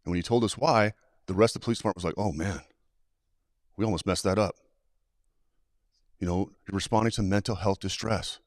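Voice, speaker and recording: A man's voice: low voice, brisk, pauses often, no room sound, clean studio sound. A man who trains people in suicide prevention, talking as a guest on a live show and telling stories animatedly, acting out the dialogue. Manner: animated, acts out quoted dialogue.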